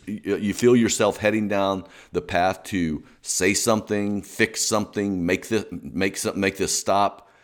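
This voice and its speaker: A man with a very deep voice delivers a Christian teaching aimed at husbands. He is earnest and deliberate. He circles back to repeat his key lines for emphasis. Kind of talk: teaching talk.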